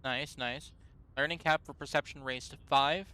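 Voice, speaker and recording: Bright-voiced man streaming a game. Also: mid-range voice, fairly even intonation, normal speed, a little hiss or hum. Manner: chatty, amused, reads game text aloud. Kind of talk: casual let's-play commentary.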